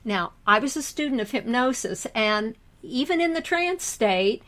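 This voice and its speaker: A woman co-hosting a podcast, a hypnotherapist telling stories from her own sessions in a measured, reflective way. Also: a little high, lively intonation, fairly bright tone. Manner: thoughtful storyteller, measured and reflective. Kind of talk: casual podcast chat.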